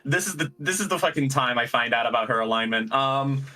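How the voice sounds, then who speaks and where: A tabletop player narrating what their character does, giggling between phrases. The pitch moves a lot, and the telling is loose and scattered. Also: expressive, brisk, pushed and bright, far from the mic. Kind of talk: describing a character's actions.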